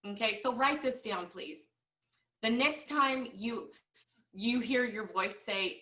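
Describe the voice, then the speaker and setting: A woman's voice: fairly high pitch, a little slow, sharp tone, far from the mic. A woman giving a motivational training talk to sales agents, earnest and repetitive, with many fillers. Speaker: team leader coaching sales agents.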